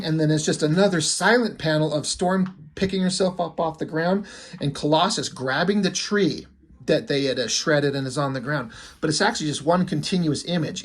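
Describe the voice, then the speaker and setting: A man's voice: fairly high pitch, slightly rough. A man giving casual, profane commentary as he reviews a comic page by page, thinking aloud and lingering admiringly on the art.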